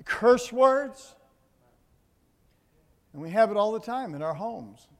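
High-voiced preacher in a reverberant hall. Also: male voice, lively intonation, slow. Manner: swings from low, quiet asides to loud, emphatic preaching. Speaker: pastor. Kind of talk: sermon. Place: church building.

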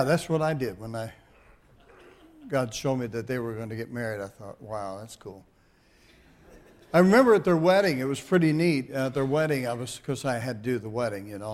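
An older man, a pastor, telling folksy family stories in a sermon, animated and laughing at his own jokes. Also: medium pitch. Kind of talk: sermon storytelling.

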